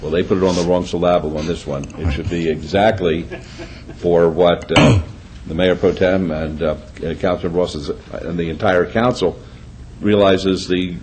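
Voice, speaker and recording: An older man serving as mayor chairs a city council meeting in the council chamber, his low voice steady and his pace moderate against a noisy background. He is plain-spoken and folksy, leaning on homey sayings.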